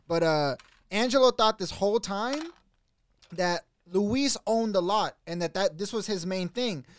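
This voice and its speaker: A man co-hosting a podcast, telling stories in casual chat and acting out other people's outbursts loudly. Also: high voice, measured pace, clean tone. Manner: animated storyteller, acts out others' outbursts loudly. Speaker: podcast co-host. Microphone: studio mic.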